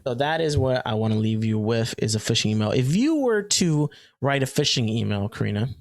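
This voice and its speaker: A man's voice: medium pitch, very animated, brisk, dry recording. A man co-hosting a podcast in a casual, chatty way, joking around and using plenty of fillers and restarts. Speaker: podcast co-host. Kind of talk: casual chat.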